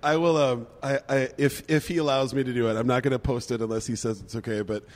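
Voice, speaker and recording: A man with a middle-pitched, steady voice begins his casual chat hesitantly, full of uh and um, then speeds up and rushes into his story. A long, hall-like reverb trails after his words.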